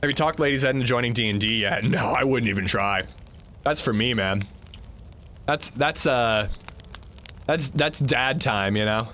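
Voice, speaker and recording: A man's voice: mid-range voice, normal speed, pauses often, a bit bright, a little hiss or hum. A man streaming a game, casually chatting with his viewers and swearing when something annoys him. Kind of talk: casual livestream chat while gaming.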